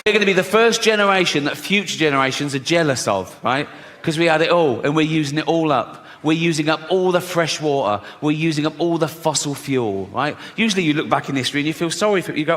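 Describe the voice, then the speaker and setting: A man's voice: a little high, fast, fairly bright tone, long reverb tail. A man doing a stand-up comedy routine, provocative and laughing at his own jokes.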